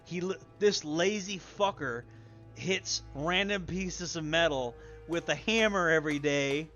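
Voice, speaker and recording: A man's voice: on the high side, unhurried, pushed and bright, soft background music. A young man streaming a game, rambling and swearing casually as he plays. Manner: rambling, profane, muttering to himself. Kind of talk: casual gameplay commentary.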